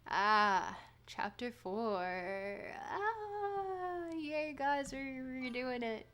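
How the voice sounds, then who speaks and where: A woman whose first language is French hosts a livestream, reading a dense text aloud and breaking off to chat with her viewers. Her voice sits a little high, and her manner is loose and joking, with casual swearing. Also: animated, very slow, fairly bright tone. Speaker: streamer.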